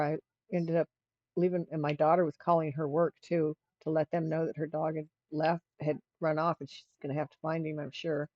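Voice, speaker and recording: A woman's voice: low voice, no echo, dull audio. A middle-aged woman hosting a livestream, telling a rambling story in casual chat with frequent restarts. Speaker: livestream host.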